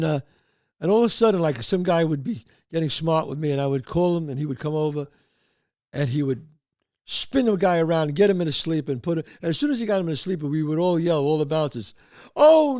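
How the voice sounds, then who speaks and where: A man, hosting and telling lively stories, acting out the voices of the people in them. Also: fairly high pitch, quick pace, no room sound, clean studio sound. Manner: animated storyteller, acts out quotes. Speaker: host. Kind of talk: storytelling chat.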